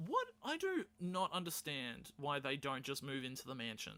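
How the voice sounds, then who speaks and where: Bright-voiced man joking through a film chat. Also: fairly high pitch, wildly swooping pitch, normal speed, smooth. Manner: jokey, laughs often, riffs with silly voices. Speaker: podcast co-host. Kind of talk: casual film review chat.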